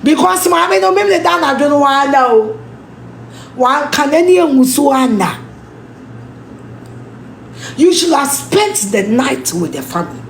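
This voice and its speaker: A woman's voice: high voice, lively intonation, unhurried, creaky, pauses often, roomy sound, slight background noise. A Ghanaian woman giving a scolding, emphatic rant, speaking English mixed with Twi and repeating her points. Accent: Ghanaian English, mixing in Twi. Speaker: commentator. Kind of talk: ranting social media commentary.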